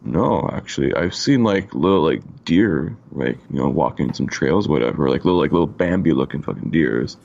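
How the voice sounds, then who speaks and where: Gravelly, very low-voiced Canadian man. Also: lively intonation, moderate pace, few pauses, a little mellow, dull audio. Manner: laid-back, profane, full of fillers. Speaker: podcast co-host. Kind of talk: casual chat.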